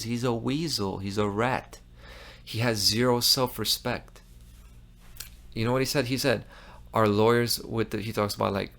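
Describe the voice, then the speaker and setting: A man's voice: lowish voice, a bit bright. A man hosting a commentary show, talking in a heated, emphatic way with frequent restarts. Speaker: host. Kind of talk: impassioned commentary monologue.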